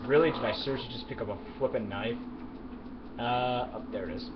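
A man casually commenting on his own game play, swearing and yelling at the game's characters, then mumbling as he loots. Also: medium pitch, a little fast. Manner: mumbling asides while looting. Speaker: gamer. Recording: dull lo-fi mic with clear background noise.

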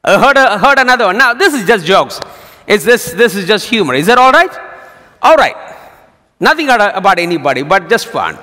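A male pastor preaching a sermon, telling jokes as a lively storyteller. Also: high-pitched, brisk. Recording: long hall reverb.

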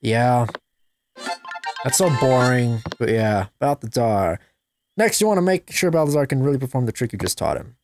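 A woman's voice: very deep voice, very animated, fairly quick, darkish tone, soft background music. A woman giving casual gameplay commentary, sarcastic and playful, chatting to a virtual puppy.

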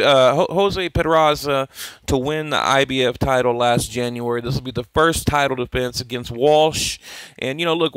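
A man's voice: a little high, a bit bright, smooth, dry recording, low-quality recording. A man hosting a boxing channel, chatting casually and rambling with lots of fillers. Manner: rambling, laid-back, many fillers, chuckles. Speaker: boxing YouTube host. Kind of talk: casual fight commentary.

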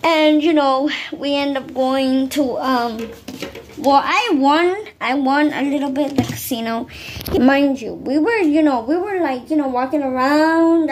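High-voiced woman rambling through a vlog. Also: slight background noise. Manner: rambling, many fillers and asides. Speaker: vlogger. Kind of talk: casual chat to camera.

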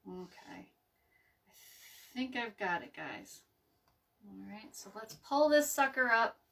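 A woman chats slowly through a home craft session, rambling and restarting with plenty of ums. Her voice is bright and a bit sharp. She sits somewhat back from the microphone. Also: fairly high pitch, big pitch swings, recorded from a distance. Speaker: craft video host. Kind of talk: casual live craft chat. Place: home craft table, indoors.

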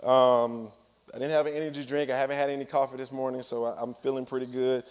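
A man from Mississippi with a Southern twang, a guest speaker giving a chatty, relaxed sermon. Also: medium pitch, quick pace, clear, resonant tone. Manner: relaxed, chatty with laughs and fillers. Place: large church hall. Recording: hall reverb from a church stage.

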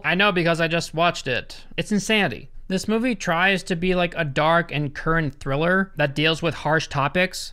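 Bright, crisp-voiced male movie commentator. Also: fairly high pitch. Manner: sarcastic, laughs between lines. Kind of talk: comedic movie recap.

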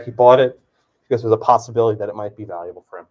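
A law professor with an animated, fast, mid-range voice runs a law class, casually picking students by name and asking them questions. The lecture classroom recording sounds distant, echoey, and dull.

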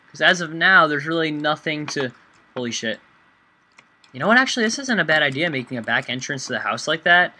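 Young guy doing let's play commentary, bright punchy voice, rambles and jokes about himself, cusses when things go wrong. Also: mid-range voice, slight background noise. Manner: rambling, self-mocking, swears when panicked. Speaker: gaming channel host.

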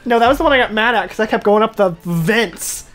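A woman's voice: on the high side, brisk. A woman hosting casual gameplay commentary, jokey and self-mocking as she chats with a friend. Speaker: gaming channel host.

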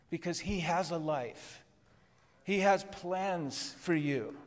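A man preaching to his congregation in a relaxed, conversational way, breaking into soft laughs now and then. His voice sits a little high. Long reverb from the church hall trails behind his words. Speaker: pastor. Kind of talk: sermon. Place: church worship service.

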